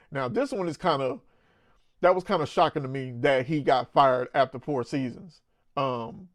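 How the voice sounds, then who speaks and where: A man's voice: fairly high pitch, no room sound. Opinionated male sports host, dry close sound. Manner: opinionated, conversational, blunt asides. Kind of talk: casual sports commentary.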